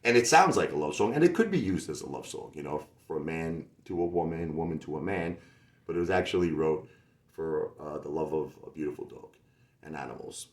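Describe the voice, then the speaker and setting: Male singer-songwriter, low voice, loose rambling delivery, echoey room. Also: expressive, a little fast. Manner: rambling, full of "like" and asides. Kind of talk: casual storytelling monologue. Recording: roomy echo with faint music behind.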